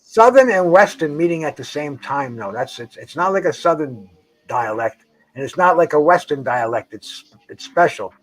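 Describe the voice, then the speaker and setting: Older guy rambling by the water, kinda high voice, cusses a lot, keeps restarting. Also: lively intonation, moderate pace. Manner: rambling, profane, stumbling restarts. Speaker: host. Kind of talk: casual chat. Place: outdoors by a dock on the water.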